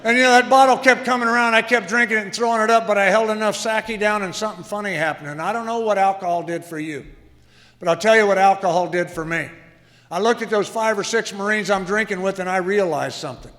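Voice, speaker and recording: A man in his 60s talks fast about himself at a recovery meeting, poking wry fun at himself. His voice sits high with a fairly bright tone, echoing with the long reverb of a meeting hall.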